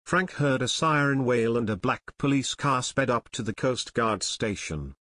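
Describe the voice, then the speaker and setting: A man narrating an adventure audiobook in a steady storytelling manner. His voice sits at an ordinary pitch, recorded dry and close with no room sound. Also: moderate pace, no echo. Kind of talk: scripted narration.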